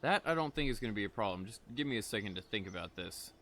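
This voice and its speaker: A man's voice: on the low side, lively intonation, quick pace, a bit bright, slight background noise. A young man casually rambling through live gameplay commentary, laid-back and often chuckling, with the odd cough. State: coughing between lines. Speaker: gaming streamer.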